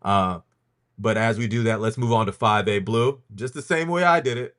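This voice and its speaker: A man with a fairly low voice hosts a casual sports podcast. His talk is loose and rambling, full of ums and stop-start restarts as he runs the segment and hands off to his co-hosts. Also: normal speed, fairly bright tone. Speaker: podcast host leading a rankings reveal.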